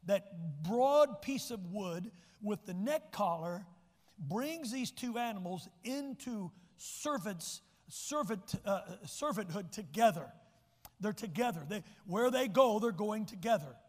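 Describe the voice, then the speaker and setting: Man, pastor, sermon, high voice, long church reverb. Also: animated, takes it slowly, darkish tone. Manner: folksy, emphatic, repeats words when restarting. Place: church sanctuary.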